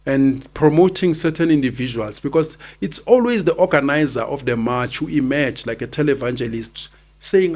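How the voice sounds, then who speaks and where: A South African podcast host in his fifties offers opinionated commentary, driving his points home by repeating them. His mid-range, darkish voice is animated, at a moderate pace.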